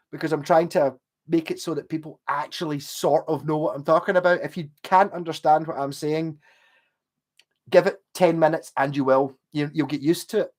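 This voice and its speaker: A man's voice: fairly high pitch, darkish tone. A man with a posh Glasgow accent, rambling and swearing casually as he chats on a livestream. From Scotland. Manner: chatty, swears, wanders between stories. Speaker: livestream host.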